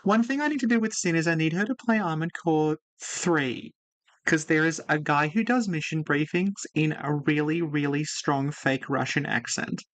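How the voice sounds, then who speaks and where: A woman's voice: low-pitched, moderate pace, no echo. A woman streaming a game, chatting casually and thinking aloud as she plays. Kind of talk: casual gameplay commentary.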